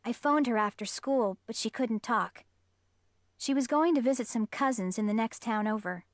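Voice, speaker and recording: A woman narrating a spooky children's story in the first person, in a steady storytelling manner. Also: fairly high pitch, moderate pace, no room sound. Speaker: audiobook reader.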